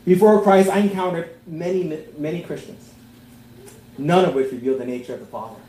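A man's voice: on the high side, a little fast. Earnest male preacher in an echoey hall. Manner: earnest, rising to emphatic peaks then dropping soft and tender. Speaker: pastor. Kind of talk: sermon.

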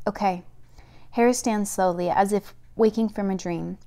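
A woman reads a novel aloud in a plain, steady narrating voice at a middle pitch. She keeps an even pace and lets the odd stumble slip through. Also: moderate pace. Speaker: audiobook reader.

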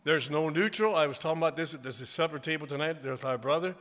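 A man preaching a revival sermon in a church, swinging from quiet asides to loud, emphatic declarations. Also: fairly high pitch, fast talker. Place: church sanctuary. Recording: long church hall reverb.

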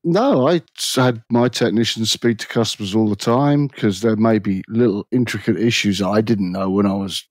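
A man's voice: fairly low pitch, normal speed, hardly any pauses, no echo, studio quality. A man from England with an English accent, a repair shop owner chatting casually and telling anecdotes as a podcast guest. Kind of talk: casual chat.

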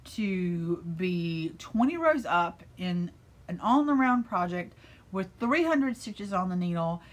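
A middle-aged American woman who owns a yarn shop, chatting casually and enthusiastically about knitting in her shop, gushing with breathy asides. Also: on the low side, lively intonation, slow. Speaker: yarn shop owner and vlogger.

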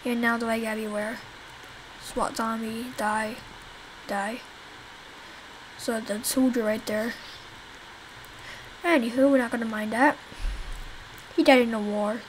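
This is a rough recording with a faint hiss, where a young woman's voice sits on the high side and keeps a steady tone. She plays a zombie game of her own making, talking to her audience at a measured pace with many pauses, rambling and swearing at enemies.

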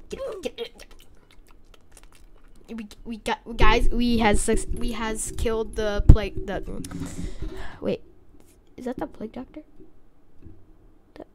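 A woman's voice: fairly high pitch, background noise. A woman giving gameplay commentary from a cold bedroom, jittery and squealing when scared, apologizing often. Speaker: gaming YouTuber. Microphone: desk mic.

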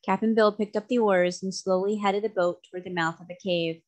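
A woman narrating a children's novel aloud in a steady, even way. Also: medium pitch, moderate pace. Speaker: storybook reader.

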